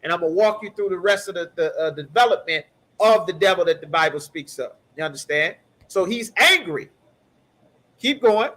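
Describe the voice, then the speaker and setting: A man's voice: sits high, animated, normal speed, bright, forceful tone. A man leading a bible study class, emphatic, repeating key phrases and checking in with listeners. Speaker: scripture class teacher.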